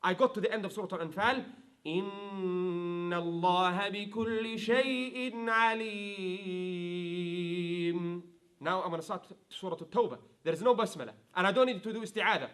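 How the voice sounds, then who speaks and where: Male tajweed teacher, high voice, patient explainer who chants example verses. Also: lively intonation, racing, hardly any pauses, a bit bright. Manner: explains rules, then recites verses in a melodic chanting voice; checks in with students, asking if it is clear. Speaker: Quran recitation teacher. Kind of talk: online tajweed class.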